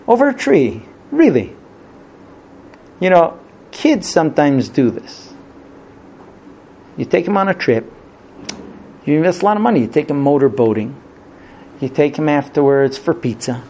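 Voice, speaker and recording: A man's voice: on the high side, very animated, measured pace. A man giving a Bible lesson, telling the story animatedly and acting out quotes. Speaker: Torah teacher.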